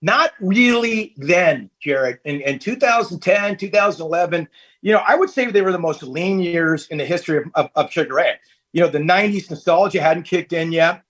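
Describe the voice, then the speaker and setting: High-voiced husky man telling stories. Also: lively intonation, moderate pace, a bit bright, rough recording. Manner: candid, storytelling, laughs easily. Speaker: podcast guest, singer. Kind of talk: casual interview chat. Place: at home, family nearby.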